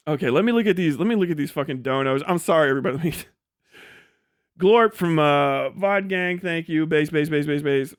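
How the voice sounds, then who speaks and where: Young male streamer, high-pitched and dry, derisive, laughs a lot. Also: expressive, brisk, no echo. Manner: mocking, laughing often, profane. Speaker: livestream host. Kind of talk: casual livestream rant.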